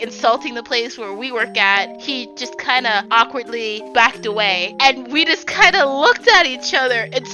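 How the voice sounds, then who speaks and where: A woman in her twenties telling a rambling, animated story for a vlog, full of "like" and "you know.". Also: high-pitched, rough recording. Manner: rambling, filler-heavy, animated retelling. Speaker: vlogger.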